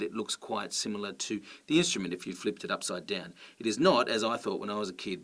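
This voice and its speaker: Man explaining poetry forms. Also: lowish voice. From Australia. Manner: relaxed, friendly explaining with fillers. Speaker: teacher. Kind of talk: educational explainer.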